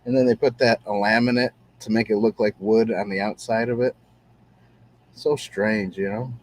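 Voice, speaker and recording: A man's voice: fairly low pitch, steady tone, moderate pace, a little mellow. A man hosting a casual show-review podcast, talking in an easygoing, rambling way with many fillers. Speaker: podcast host.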